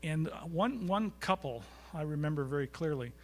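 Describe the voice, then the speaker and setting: A man speaks from a college recital hall stage in a fairly high voice, spinning anecdotes in a loose, chatty way. He keeps turning to the audience with questions as he tells his stories. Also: lively intonation, moderate pace. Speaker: guest speaker. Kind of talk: storytelling lecture to a live audience.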